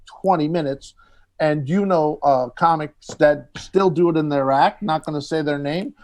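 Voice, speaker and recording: Man, high voice, comedian, casual podcast storytelling, animated. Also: moderate pace. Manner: animated storyteller acting out quotes. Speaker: comedian guest telling stories.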